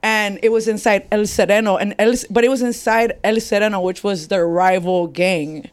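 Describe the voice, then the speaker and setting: A young woman from East Los Angeles, chatting as a guest in a relaxed, slangy way and laughing often. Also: medium pitch, normal speed. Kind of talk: casual podcast chat.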